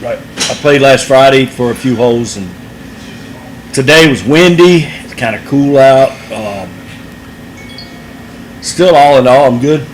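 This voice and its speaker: A man's voice: medium pitch, animated, measured pace, long pauses, slight background noise, poor audio. A man in laid-back, casual podcast chat, giving brief replies. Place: cigar lounge.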